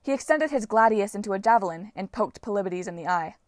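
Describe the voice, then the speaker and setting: A woman narrating a fantasy audiobook in a steady, even storytelling manner. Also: medium pitch, quick pace, no room sound, studio quality.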